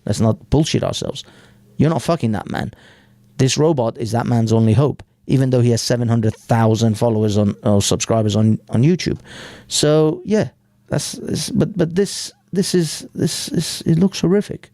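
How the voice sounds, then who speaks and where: A man's voice: mid-range voice, moderate pace, warm tone, no room sound. A British man hosting a live stream, giving crude, rambling commentary full of swearing and stumbles over words. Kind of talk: crude casual commentary while reading an article aloud.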